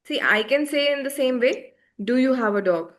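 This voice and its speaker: A woman's voice: sits high, lively intonation, normal speed. A woman teaching a beginner French class online over a video call, patiently checking that her students follow. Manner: patient, checks often for understanding.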